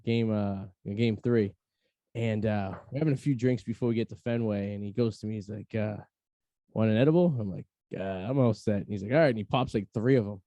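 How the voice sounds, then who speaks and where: Man, podcast host; mellow, rambling, dry close mic. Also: lowish voice, steady tone, fairly quick, dry recording. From Massachusetts. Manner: rambling storyteller, lots of fillers. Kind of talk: casual chat.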